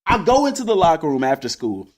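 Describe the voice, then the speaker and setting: Talking fast in a fairly high voice, a young Texan podcast host casually tells listeners a personal story. He's animated and calls his audience "y'all."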